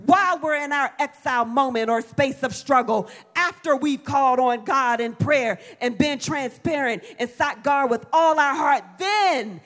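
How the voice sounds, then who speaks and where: Woman preacher, bright high voice, fervent sermon delivery, sanctuary echo with a long tail. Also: moderate pace, few pauses, faint music behind. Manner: impassioned, asks rhetorical questions, builds to shouts.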